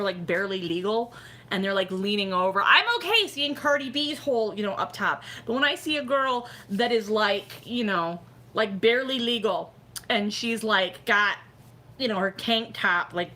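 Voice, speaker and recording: A woman's voice: medium pitch, bright, forceful tone. A middle-aged woman chatting casually on a live stream, rambling with lots of "like" and "you know" as she gives fortune readings.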